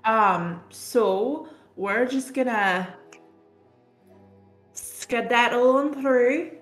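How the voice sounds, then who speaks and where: Polite, flustered Scottish traveler, slow delivery, a woman puts her on. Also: fairly high pitch, fairly bright tone, faint music behind, pitched above the performer's own voice. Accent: Scottish (put on). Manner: hesitant, fumbling with fillers. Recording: roomy echo.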